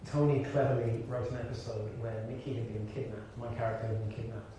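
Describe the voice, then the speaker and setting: Animated guy from birmingham chatting onstage, far off mic, big echoey hall with hiss. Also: medium pitch, quick pace. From Birmingham, England. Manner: animated storyteller, frequent restarts and laughter. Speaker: actor and director, interview guest. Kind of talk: onstage conversation before an audience. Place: large hall with audience.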